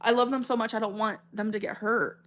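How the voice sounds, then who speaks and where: A woman's voice: a little high, level tone, a little fast, fairly bright tone. A woman in her thirties chatting casually on a livestream, reading comments and rambling earnestly, often stumbling over her words. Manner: emotional and earnest.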